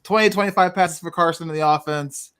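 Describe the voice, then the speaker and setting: A man's voice: a little high, brisk, a bit bright, clean tone. A man speaking as a panelist in a casual sports roundtable, confident and opinionated.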